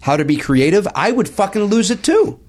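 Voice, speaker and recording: A man's voice: high-pitched, sing-song, fairly quick, a little mellow. A middle-aged man hosting a comedy podcast, joking and teasing his guests with profane asides. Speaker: podcast host. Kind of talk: casual comedy podcast chat.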